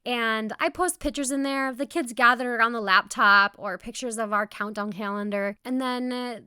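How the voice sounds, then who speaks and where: A chatty, enthusiastic woman, talking as a podcast host. Her voice is bright, crisp and a little high, and it sits close and dry on the mic. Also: dry recording. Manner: chatty and enthusiastic, with frequent restarts. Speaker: podcast host and preschool teacher. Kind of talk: casual solo podcast talk.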